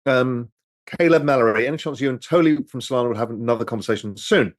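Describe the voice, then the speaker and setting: A man's voice: medium pitch, fast talker, no echo. A man hosting a casual live-stream chat over drinks, reading out viewer questions in a rambling, candid way that includes swearing.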